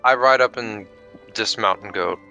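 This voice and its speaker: A man playing a tabletop game who talks in a wry, quick way. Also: lowish voice, pushed and bright, dull audio, faint music behind. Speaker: player. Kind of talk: casual tabletop game play.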